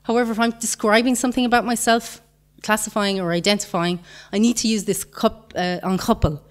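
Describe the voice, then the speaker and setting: A woman's voice: mid-range voice, fairly even intonation, a little fast. A woman giving a conference talk, patiently explaining grammar with examples and the odd light chuckle. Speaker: conference speaker.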